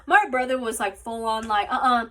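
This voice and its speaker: A woman chats her way through a personal story as a podcast host, rambling and filling gaps with "like" and "you know". Her voice sits a little high and sounds bright and sharp. She is recorded on a phone held some distance away, so she sounds a bit far off. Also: moderate pace. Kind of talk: casual storytelling. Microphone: phone mic.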